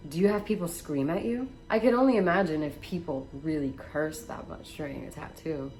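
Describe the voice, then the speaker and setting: A woman's voice: low-pitched, a little fast, faint music behind. A young woman, a tattoo artist, telling stories in a casual vlog and acting out the voices of the people in them. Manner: animated storyteller, reenacts voices.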